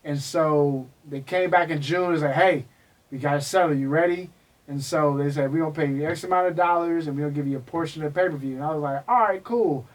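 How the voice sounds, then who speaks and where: Male guest, animated raconteur, curses freely, slightly high voice, recorded off-mic. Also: fast, recorded from a distance, rough recording. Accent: Texan. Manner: animated, profane, acts out quoted people. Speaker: guest, MMA historian. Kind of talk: casual storytelling interview.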